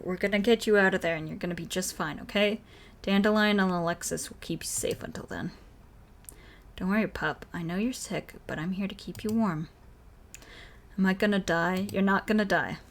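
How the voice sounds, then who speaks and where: A woman's voice: lowish voice, fairly quick. A woman streamer reading a horror visual novel aloud, voicing every character in her own voice and reacting between lines.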